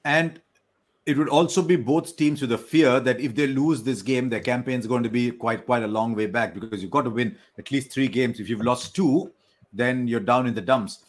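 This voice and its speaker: Measured man analysing cricket. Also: mid-range voice. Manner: measured, analytical, self-correcting. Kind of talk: post-match analysis chat.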